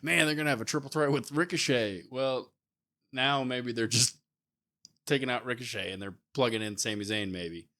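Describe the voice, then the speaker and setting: A man's voice: mid-range voice, moderate pace, sharp tone. A man co-hosting a casual wrestling podcast, easygoing and laughing often as he weighs in. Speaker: podcast co-host. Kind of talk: casual wrestling review chat.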